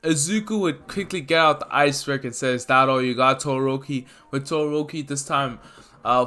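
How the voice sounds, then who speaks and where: A man's voice: medium pitch, fairly bright tone. A man casually narrating a fan-made story, rambling with fillers and correcting himself as he goes.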